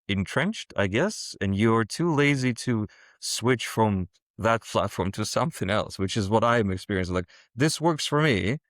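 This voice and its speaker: A man with a fairly low voice talks casually as a guest, stopping and restarting his thoughts with plenty of fillers. The recording is close and dry, with no room sound around him. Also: fairly bright tone, no echo. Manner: hesitant, many fillers and restarts. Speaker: guest, game designer and world builder. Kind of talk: casual interview conversation.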